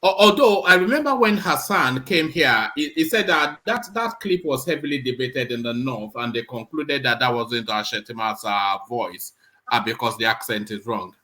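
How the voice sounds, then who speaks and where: A male panelist weighs his words, pausing with small hesitations. His tone is bright at an ordinary pitch. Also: lively intonation. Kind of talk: panel discussion.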